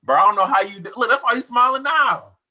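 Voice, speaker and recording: A man's voice: very high voice, expressive, fast talker, pushed and bright. A man in a casual chat, teasing his friends in laid-back slang. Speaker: podcast co-host.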